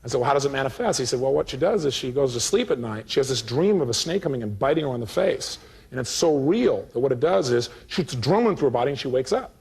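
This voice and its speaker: A man giving a live motivational seminar, telling a story and acting out both sides of the dialogue with animated energy. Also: medium pitch, fast talker, breathy edge.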